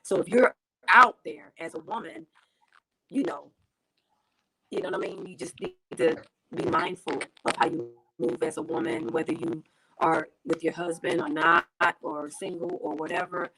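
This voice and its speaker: A woman's voice: lowish voice, moderate pace, vocal fry, a bit bright, husky, rough recording. A woman from the United States speaking as an interview guest, chatty, with frequent fillers and restarts. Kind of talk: casual interview talk.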